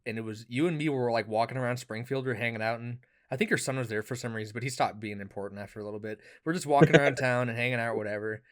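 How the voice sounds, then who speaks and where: A young man in his twenties hosts a casual podcast chat at an ordinary middle pitch. He talks in a crude, teasing way, swearing freely and laughing often as he tells stories. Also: very fast, hardly any pauses. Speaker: podcast co-host. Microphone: webcam.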